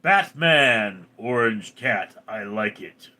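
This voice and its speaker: A young man hosting a casual livestream, joking and reacting quickly as he reads out chat messages. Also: fairly low pitch, animated, sharp tone.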